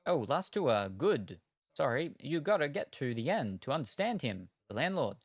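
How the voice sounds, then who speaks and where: A man's voice: mid-range voice, big pitch swings, normal speed, no room sound. This is a man in the middle of a laid-back card-opening stream, talking in loose, wandering retellings that circle back on themselves. His voice sits in an ordinary middle register. The sound is close and dry, with no room around it. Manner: rambling, meandering retelling with many hedges. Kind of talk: casual chat while opening cards.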